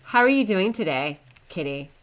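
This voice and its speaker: A woman's voice: mid-range voice, sing-song, moderate pace. A young woman streaming a game live, chatting to herself and her in-game pets in a flustered, talkative way. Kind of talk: live gameplay commentary.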